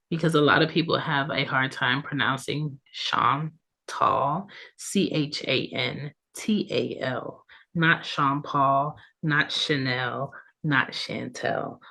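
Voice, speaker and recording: Chatty congested woman podcaster, slow pace. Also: deep voice, pushed and bright. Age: 30s. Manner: chatty, tag questions, many ums. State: congested from allergies. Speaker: podcast host. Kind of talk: casual solo podcast talk.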